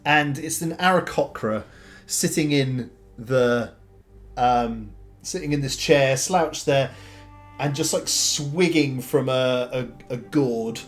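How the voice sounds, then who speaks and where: A man narrating as game master of a tabletop game in a relaxed, rambling way. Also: mid-range voice, slow pace, faint music behind.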